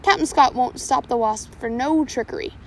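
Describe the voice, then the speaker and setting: A woman's voice: high-pitched, moderate pace, slight background noise. A woman voicing a scheming, cruel male pirate captain who sneers at his crew, in a storybook reading. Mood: sneering. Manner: sneering, self-satisfied.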